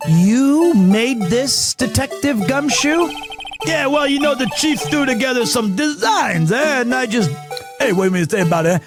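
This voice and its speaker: A man voicing a loud, excitable, bumbling male police detective in a video game, with tough-guy wisecracks that end in "eh?". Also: very high-pitched, over music. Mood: boastful. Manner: shouty, rapid-fire. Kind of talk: video game voice-acting on a stream.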